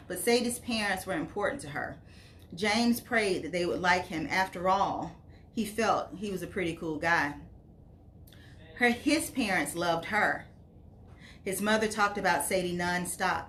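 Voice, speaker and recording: A woman with a low-set voice narrates a story slowly and with care, as in an audiobook. A faint noise sits under her reading. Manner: slow, measured storytelling.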